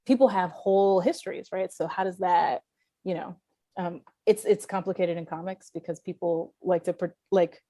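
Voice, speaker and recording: A woman with a lowish, warm and mellow voice talks through her ideas in a relaxed conversation. She is from Puerto Rico and grew up speaking Spanish first. She circles back, restarts sentences and searches for the right words, all in a dry, close recording. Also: normal speed, dry recording. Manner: thoughtful, searching, with frequent restarts and fillers. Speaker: guest comics writer. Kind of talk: casual conversation.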